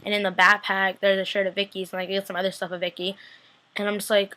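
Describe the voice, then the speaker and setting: A woman's voice: mid-range voice, little pitch movement, fast talker, sharp tone. A young woman recapping a TV episode from home, chatting in a gushing way full of filler words. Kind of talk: casual chat.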